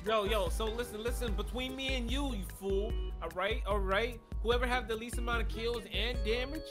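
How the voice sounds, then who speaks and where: A man's voice: very high-pitched, normal speed, over music. A man joining a gaming session, hyping up his team with cocky slangy banter. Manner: cocky, slangy hype talk. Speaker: gaming teammate. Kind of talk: multiplayer gameplay banter.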